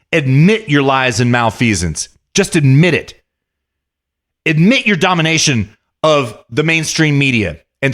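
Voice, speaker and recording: Angry ranting man, higher voice. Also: fairly bright tone. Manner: heated ranting, profane, repetitive. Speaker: podcast host. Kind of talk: political podcast monologue.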